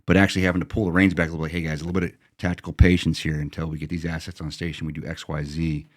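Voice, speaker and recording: A man's voice: extremely low pitch, flat delivery, racing, dry recording, studio quality. A middle-aged American veteran man telling a combat story in a plain-spoken, casual way, slipping into quoted self-talk. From United States.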